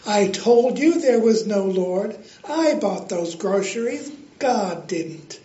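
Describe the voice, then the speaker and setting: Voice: mid-range voice, expressive, slow pace, dark tone. A narrator voicing an angry atheist man, a neighbor who taunts scornfully, in a roomy, dull recording. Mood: gloating.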